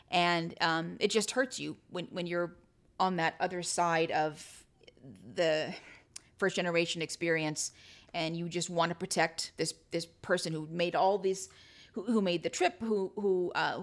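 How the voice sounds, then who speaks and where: A woman's voice: lowish voice, fairly bright tone. Chatty American woman telling stories. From United States. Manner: chatty, halting, many fillers and restarts. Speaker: podcast host. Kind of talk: personal storytelling.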